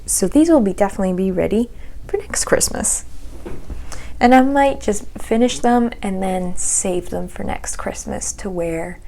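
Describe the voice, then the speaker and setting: Slow, mellow-voiced woman chatting about knitting. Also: mid-range voice, creaky, slight background noise. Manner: chatty, showing her knitting, drops to soft whispers at times. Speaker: podcast host. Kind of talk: casual knitting chat.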